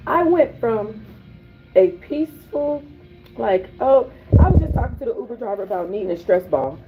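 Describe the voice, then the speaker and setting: A woman host telling a personal story in casual, animated, profane slang. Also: medium pitch, moderate pace, faint music behind. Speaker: podcast host. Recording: tinny phone-like audio.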